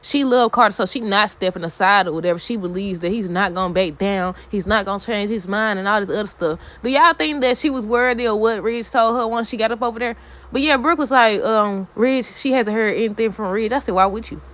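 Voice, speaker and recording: A woman recapping a soap episode for viewers in a chatty, animated way, often laughing and quoting characters. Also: medium pitch, fairly quick. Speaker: soap opera reviewer. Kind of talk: casual recap talk to viewers.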